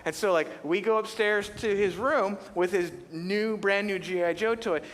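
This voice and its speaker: A man's voice: sits high, moderate pace, a bit bright. A middle-aged man preaching a sermon in a church, telling stories with humor and animation. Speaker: pastor. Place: church auditorium. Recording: long church hall reverb.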